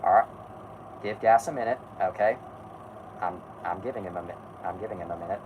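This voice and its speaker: A man's voice: low-pitched, fairly quick, phone-quality sound, background noise. A man hosting a casual live stream who halts, rambles and restarts his sentences while he talks to his chat and co-hosts. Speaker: podcast host.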